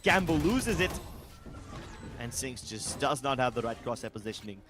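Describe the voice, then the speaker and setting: A man's voice: mid-range voice, lively intonation, background noise. Young male play-by-play esports caster. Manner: measured play-by-play, playful asides. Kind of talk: live esports commentary.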